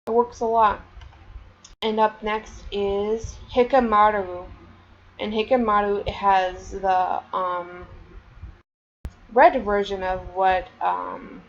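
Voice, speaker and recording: A woman talks through her collection in an unhurried, meandering way, filling gaps with "um" and "like." Her voice sits at a middling pitch, and the recording sounds a little dull and lo-fi. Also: steady tone, slight background noise. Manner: chatty, rambling, many fillers. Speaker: vlogger. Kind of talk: casual show-and-tell.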